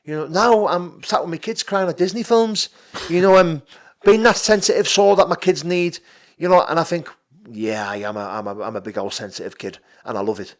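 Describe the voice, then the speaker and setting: A man's voice: on the high side, steady tone, fairly quick. Blunt, sweary North East man in his thirties. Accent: Geordie. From North East England. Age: 30s. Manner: blunt and sweary, swings between quiet and emphatic. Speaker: podcast guest, fighter. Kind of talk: casual podcast chat.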